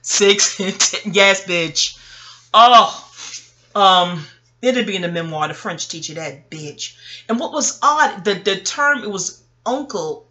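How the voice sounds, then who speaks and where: Bright-voiced woman rambling candidly. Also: on the high side. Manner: candid, profane, digressive, laughs often. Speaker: vlogger. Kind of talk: casual rambling monologue.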